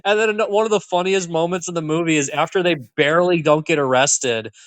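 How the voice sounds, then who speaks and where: A young man with a fairly high voice talks through a film on a podcast, retelling one scene after another. He jumps into the characters' lines as he goes, in a relaxed chatty way. The recording is dry and close, with no room sound. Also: fast, no echo. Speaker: podcast co-host. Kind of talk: casual chat.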